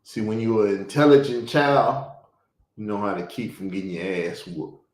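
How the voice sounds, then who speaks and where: A man telling stories in casual chat, profane and animated, with bursts of laughter. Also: lowish voice, normal speed, roomy sound, low-quality recording. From Chicago. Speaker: podcast host.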